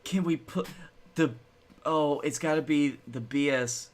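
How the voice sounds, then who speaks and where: A man's voice: a little high, measured pace. A man co-hosting a podcast, teasing his friend with dry replies in casual chat. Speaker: podcast co-host.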